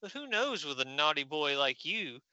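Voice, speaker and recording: A man reading the lines of a wary, sharp-tongued catlike adult heroine in a comic recap. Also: low voice, sing-song, moderate pace, no echo, muffled recording, full character voice. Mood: wistful.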